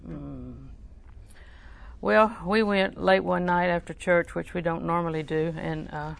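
A woman's voice: on the low side, measured pace, creaky, no echo. A woman preaching a sermon, telling a story and quoting scripture, asking the listeners questions as she goes.

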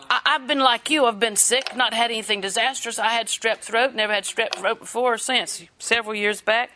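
Older female preacher, bright tone, folksy and chatty. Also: on the high side, a little fast, hardly any pauses, a little hiss or hum. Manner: folksy, chatty, laughs often. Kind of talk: sermon.

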